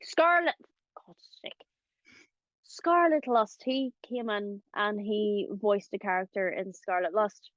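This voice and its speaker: A woman's voice: mid-range voice, slow pace, fairly bright tone, no room sound, lo-fi sound. A woman hosting a casual chat about voice acting, talking chattily with lots of fillers and laughs. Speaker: host.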